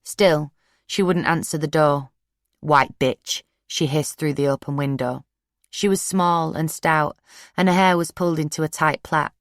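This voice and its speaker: A woman narrating a first-person true crime audiobook in a steady, plain-spoken way. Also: deep voice, no echo, clean studio sound.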